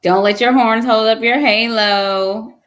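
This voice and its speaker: A woman's voice: on the high side, steady tone, unhurried, fairly bright tone. A young woman, hosting a casual live chat and teasing her viewers with lots of laughter. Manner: playful, teasing, laughs often. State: pregnant. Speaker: livestream host reading chat.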